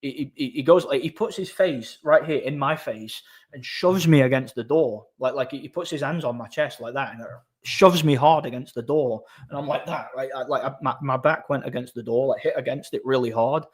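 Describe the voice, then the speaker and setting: A man's voice: medium pitch, normal speed. A man, casually telling a story as host of his own channel, repeating words and using many fillers.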